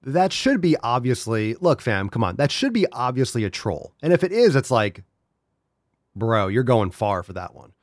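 A man's voice: medium pitch, sing-song, normal speed, no echo, clean studio sound. A man hosting a podcast in casual, exasperated commentary. He swears freely and talks straight to his audience. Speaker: podcast host.

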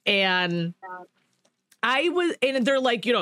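A woman hosting a podcast, telling a rambling, animated story in casual chat, with swearing and laughter. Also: fairly high pitch, slow, no room sound. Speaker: podcast host.

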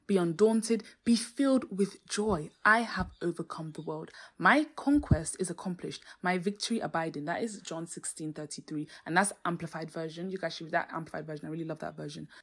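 Young female podcast host, breathy voice, earnest and lively, faith talk. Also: lowish voice. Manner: earnest, animated, exclaims and laughs. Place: home, street noise outside.

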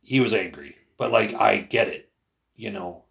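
A man's voice: fairly low pitch, normal speed, gravelly. A man co-hosting a casual podcast conversation, earnest and hesitant, with many fillers and restarts. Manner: earnest, retells others with raised animated voice. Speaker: podcast co-host.

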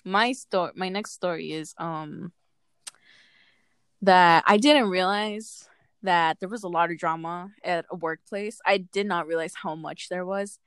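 A young woman telling work stories in casual chat, expressive and slangy, stretching out words for emphasis. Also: fairly low pitch, a little slow, smooth, dry recording, clean studio sound.

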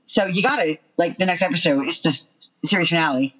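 A woman chatting casually about a TV show, talking in a rambling way full of "like" and excited quoted reactions. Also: fairly low pitch, brisk, husky, dull audio. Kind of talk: casual chat recapping a TV episode.

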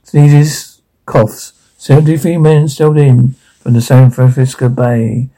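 A man's voice: fairly high pitch, steady tone, unhurried, few pauses, warm tone. A man narrating a story aloud, voicing every part and reading the sound cues too. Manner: reads sound cues aloud alongside dialogue.

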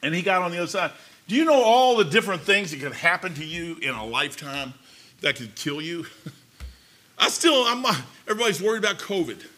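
A man's voice: sits high, very animated, fairly quick, sharp tone. A man preaching a folksy, rambling sermon in a church, talking emphatically and conversationally.

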